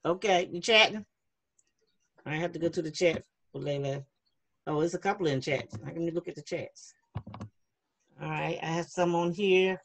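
A woman's voice: fairly low pitch, moderate pace, pauses often. A woman leading a children's class over a video call, chatty and encouraging as she reads the chat aloud. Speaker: online youth class leader. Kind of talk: casual online class for kids.

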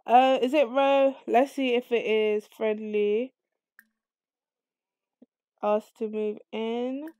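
A woman hosting a let's play, giving casual, excitable commentary on her game and cursing freely. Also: fairly high pitch, slow pace, long pauses, no echo, highs cut off. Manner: excitable, chatty, swears freely.

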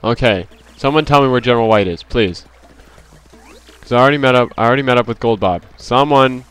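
A man's voice: medium pitch, brisk, fairly bright tone, smooth. A man giving casual, rambling, self-deprecating commentary while playing a video game and reading characters' lines aloud. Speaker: let's play host.

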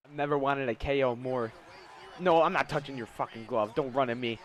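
A young man giving live gameplay commentary, trash-talking his opponent, swearing and erupting into shouts. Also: medium pitch, fairly quick, a little hiss or hum. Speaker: gaming YouTuber.

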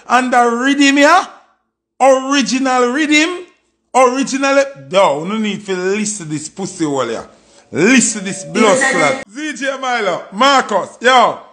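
Gravelly, high-voiced Jamaican man. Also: measured pace. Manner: excitable, exclamatory, swears freely. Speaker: music reaction host. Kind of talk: excited music reaction commentary.

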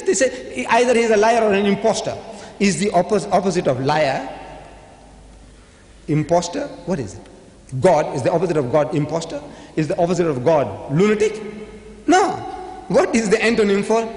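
A man giving a public debate speech in a lively, preacher-like way. He sometimes acts out the voices of the people he quotes. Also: sits high. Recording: echoey hall with long reverb.

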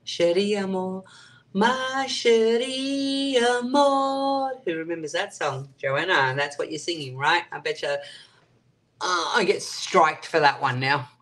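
A woman's voice: low-pitched, moderate pace, a bit bright. A woman hosting a live stream, chatting casually and reading out viewer comments and answering them. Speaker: livestream host.

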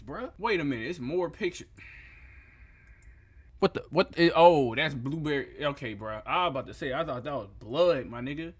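A young man reviewing food photos in a comedic reaction rant, incredulous and profane, breaking into loud outbursts. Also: a little high, expressive, moderate pace, breathy edge.

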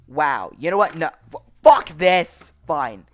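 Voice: mid-range voice, expressive, measured pace, hardly any pauses, over loud music. A gaming channel host giving gameplay commentary, frustrated and swearing, with raging outbursts.

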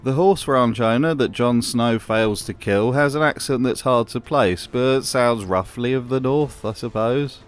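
A man's voice: mid-range voice, a little slow, hardly any pauses, faint music behind. A man narrating a scripted commentary video with a dry, sardonic manner.

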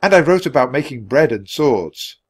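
A man's voice: medium pitch, very animated, normal speed, slightly rough. A man voicing an earnest, thoughtful young boy in a storybook reading, slightly nervous.

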